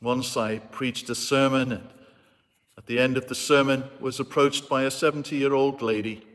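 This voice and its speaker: A man's voice: medium pitch, fairly even intonation, normal speed, fairly bright tone. Guy preaching a sermon, earnest and reflective, mid voice, lots of hall reverb. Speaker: vicar.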